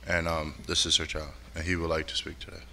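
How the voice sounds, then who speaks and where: A man from the family briefly introducing the next speaker at a funeral in a church sanctuary. He talks in a halting, low-key way with many fillers. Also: flat delivery, bright, forceful tone, a little hiss or hum.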